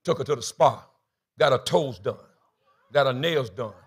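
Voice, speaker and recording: A man's voice: medium pitch, moderate pace, breathy edge. A man preaching a sermon as pastor, telling a comic story and acting out the dialogue with energy.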